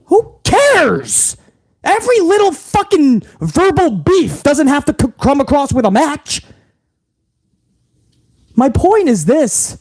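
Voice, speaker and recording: A man's voice: very high voice, very animated, unhurried, darkish tone. A man who hosts a wrestling show, ranting casually with heavy swearing and sarcasm. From New York. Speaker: wrestling podcast host. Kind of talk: casual rant.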